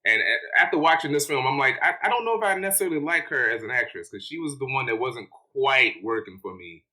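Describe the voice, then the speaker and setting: A man giving a casual movie review, rambling with many fillers and restarts, relaxed and plain-spoken. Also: mid-range voice, quick pace, low-quality recording.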